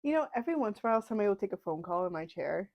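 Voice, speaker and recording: A woman chatting casually as a podcast guest, lively and quick to laugh. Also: mid-range voice. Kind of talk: casual chat.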